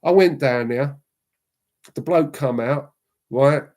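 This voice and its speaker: A middle-aged man, a show guest rambling through slangy, lively anecdotes in casual chat. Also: medium pitch, slow pace.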